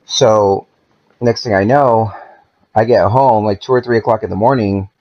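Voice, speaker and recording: A man's voice: on the low side, moderate pace, a little mellow. A man on a podcast as a guest, telling a long story in a casual, profane, rambling way. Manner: profane, laid-back, rambling with many "like"s. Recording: dull lo-fi podcast audio.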